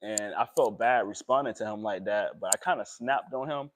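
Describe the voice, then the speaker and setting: A young man, talking emotionally and haltingly in a personal vlog, with many pauses and fillers. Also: fairly low pitch, no echo. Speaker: vlogger.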